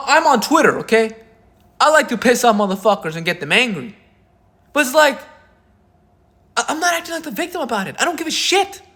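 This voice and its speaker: A man's voice: extremely high pitch, a bit bright. A man giving a profane, mocking, rambling commentary rant. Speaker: commentary YouTuber. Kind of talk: reaction commentary.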